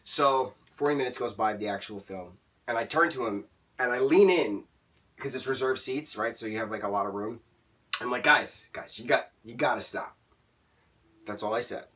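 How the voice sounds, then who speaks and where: A man's voice: fairly low pitch, fairly quick, fairly bright tone, distant mic. A young man telling an exasperated story as a movie reviewer in a ranting vlog.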